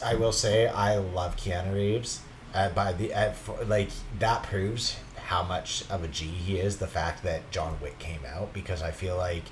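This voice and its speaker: Rambling guy, lowish voice. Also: slight background noise. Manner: rambling, acts out imagined quotes with laughter. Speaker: podcast co-host. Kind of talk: casual podcast chat.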